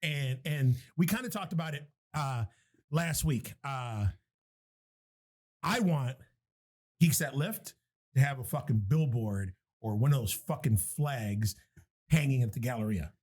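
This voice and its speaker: A man co-hosting a podcast in casual chat, excitable, laughing often and swearing freely. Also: mid-range voice, a little slow, pauses often. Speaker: podcast co-host.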